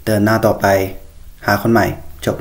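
A man's voice: racing, very noisy. A man commenting casually on clips as the channel host, in a plain-spoken way.

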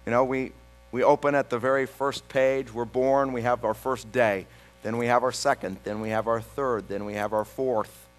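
Man preaching with slow emphatic pauses. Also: medium pitch, fairly even intonation, soft background music, rough recording. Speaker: pastor. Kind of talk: sermon.

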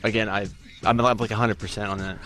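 A man's voice: fairly low pitch, flat delivery, fast talker, a bit bright, faint music behind. A man co-hosting a podcast, giving dry, terse replies in casual banter. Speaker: podcast co-host.

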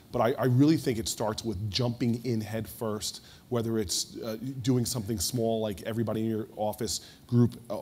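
Fast-talking man on a conference panel. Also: fairly low pitch, a little hiss or hum. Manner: rapid and animated, with quick restarts. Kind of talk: panel discussion storytelling. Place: stage at a conference before an audience.

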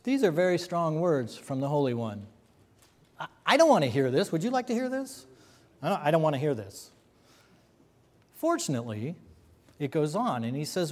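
A man's voice: a little high, sing-song, moderate pace, long pauses, a little mellow, in a large hall. A man preaching a sermon as a pastor, emphatic and full of rhetorical questions and repeated phrases.

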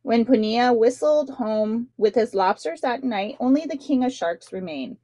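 A woman narrates a children's storybook aloud, leaning into the drama of each scene. Her voice sits fairly high, and the close, dry sound has no room echo. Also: a little slow. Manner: expressive storytelling with dramatic emphasis.

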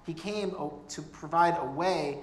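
A man's voice: fairly high pitch, measured pace. A man preaching a sermon as pastor, earnest and conversational, with humorous asides. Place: church. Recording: echoey church room.

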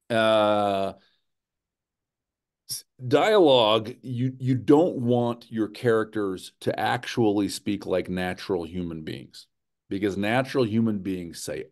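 A man presenting a writing workshop in a conversational lecture style, often checking in with his listeners. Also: fairly low pitch. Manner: animated, often checks in with "right?" and "okay?".

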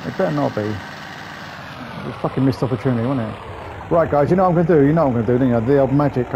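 A man hosting a gaming channel, giving chatty, profane, grumbling let's-play commentary. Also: mid-range voice. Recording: game engine noise behind voice.

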